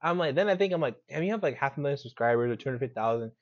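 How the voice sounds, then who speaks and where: A young man co-hosting a casual podcast, quick to laugh and tease, saying "bro" a lot. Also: mid-range voice, animated, lo-fi sound. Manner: fast, laughing, teasing banter, says "bro". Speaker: podcast co-host. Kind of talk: casual chat.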